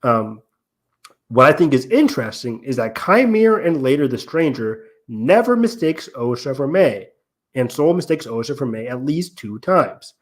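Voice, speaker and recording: A man's voice: medium pitch, normal speed. Man analyzing a show in podcast chat. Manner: analytical, steady explaining with frequent ums and restarts. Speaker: podcast co-host. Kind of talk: casual podcast discussion.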